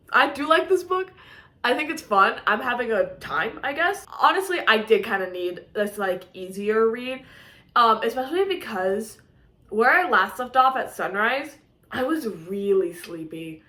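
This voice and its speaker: A young woman, chatting excitedly on a casual reading vlog and gushing about a book between bursts of giggles. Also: a little high, unhurried, reverberant. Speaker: book vlogger.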